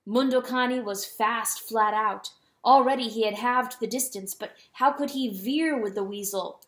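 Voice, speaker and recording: A woman reads a storybook with drama, lingering on grave words. Her voice sits fairly high for a woman and carries a roomy echo. A home reading with a lively storyteller's pull. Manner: dramatic, slowing on solemn words. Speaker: audiobook reader.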